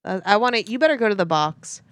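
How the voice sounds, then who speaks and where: A woman's voice: mid-range voice, expressive, fast, no echo, clean studio sound. A woman co-hosting a comedy podcast, chatting and teasing with lots of fillers. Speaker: podcast co-host. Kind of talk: casual comedic banter.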